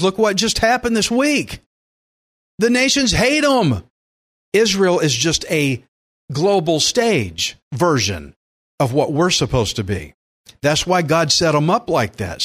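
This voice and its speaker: A male pastor delivering a sermon in a somewhat high voice. He preaches with animated energy and sudden loud bursts of emphasis, and acts out imagined prayers and objections in quoted voices.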